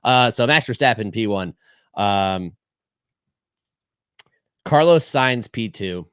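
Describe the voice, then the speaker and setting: A man's voice: on the low side, lively intonation, takes it slowly, a bit bright, smooth, no echo, studio quality. A man co-hosting a casual sports podcast, wry and teasing toward the others. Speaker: podcast co-host.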